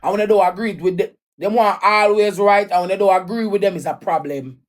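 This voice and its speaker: A woman's voice: on the low side, quick pace, dark tone. A Jamaican woman telling an emotional personal story in a raw, emphatic way, often repeating her lines. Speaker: livestreamer.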